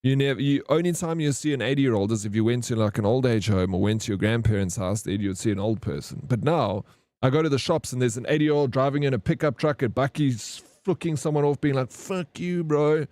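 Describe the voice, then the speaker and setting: A man's voice: medium pitch, quick pace, darkish tone, dry recording. Chatty man with a dry sound. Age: 30s. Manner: rambling storyteller, slangy, says "bro" often. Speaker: streamer. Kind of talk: casual live-stream chat with viewers.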